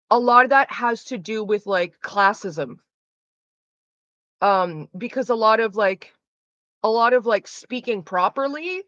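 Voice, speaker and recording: A woman's voice: mid-range voice, a bit bright, no room sound. A young woman chatting casually on a livestream, rambling with lots of fillers, restarts and casual swearing. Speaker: streamer. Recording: dull lo-fi dry sound.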